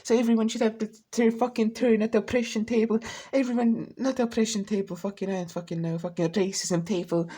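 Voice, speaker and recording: Husky woman ranting on a vlog, swears a lot, keeps restarting, kinda high voice. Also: steady tone, fast, warm tone. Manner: rambling, profane, frequent restarts. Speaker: vlogger. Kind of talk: casual ranting commentary.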